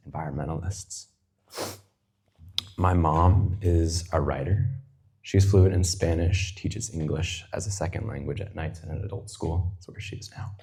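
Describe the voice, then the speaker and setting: A man in his twenties giving an unhurried, poetic reflection, lingering over long lists and sometimes dropping to a near-whisper. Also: rumbling low, dark tone, breathy edge. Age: 20s. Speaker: guest speaker. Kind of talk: reflective personal reading.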